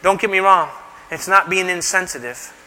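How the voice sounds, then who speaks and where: High, bright-voiced preaching man. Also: normal speed, in a large hall. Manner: conversational, emphatic preaching with rhetorical questions. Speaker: pastor. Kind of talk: sermon.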